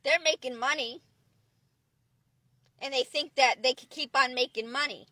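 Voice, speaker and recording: Brief: high-pitched woman, dry close sound, swearing and lecturing in a rant. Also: normal speed, sharp tone, dry recording. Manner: profane, preachy, repetitive restarts. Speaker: vlogger. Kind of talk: angry ranting monologue.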